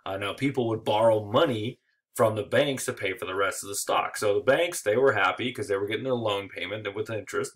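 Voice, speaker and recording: A man's voice: on the low side, brisk, a bit bright. A man giving an informal history lecture, casual and joking, with filler words and small chuckles. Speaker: history teacher.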